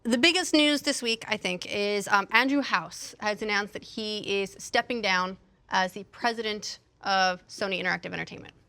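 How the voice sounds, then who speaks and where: A woman's voice: medium pitch, moderate pace, bright, forceful tone. A woman hosting a casual gaming podcast, chatty and enthusiastic. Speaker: host.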